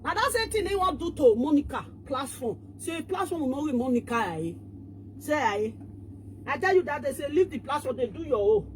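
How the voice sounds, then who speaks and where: A woman's voice: high-pitched, lively intonation, normal speed, slight background noise. A woman with a Nigerian Pidgin accent, ranting and scolding in casual online commentary, switching between languages.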